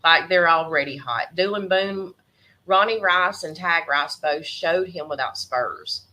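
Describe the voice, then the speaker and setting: A woman's voice: on the low side, unhurried. A middle-aged woman with a Southern accent, a podcast guest and horse breeder telling emotional stories with frequent laughter. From Tennessee. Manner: emotional, animated storyteller who laughs often. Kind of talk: casual interview chat.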